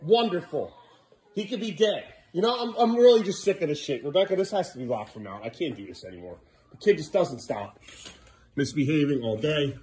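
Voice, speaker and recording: Casting note: a frazzled father vlogging his kids, lively up-and-down voice, audible background noise. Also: fairly high pitch, brisk. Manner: exasperated, scolding, laughing at his kids. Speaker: parent filming his kids. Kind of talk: casual home vlog narration.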